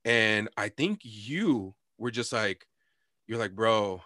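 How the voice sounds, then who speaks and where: A man's voice: fairly low pitch, measured pace, no echo, studio quality. A young man telling a story in casual chat, cursing a lot and acting out quotes. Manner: animated storytelling, heavy cursing, acts out quotes.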